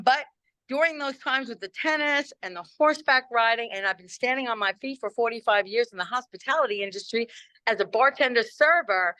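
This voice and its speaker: Woman, 60s, personal testimony, chatty storyteller, bright forceful voice, dry close sound. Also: dry recording. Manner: chatty storyteller, acts out quotes with big pitch jumps. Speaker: guest giving a testimony. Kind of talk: animated personal testimony on a call. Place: at home doing laundry.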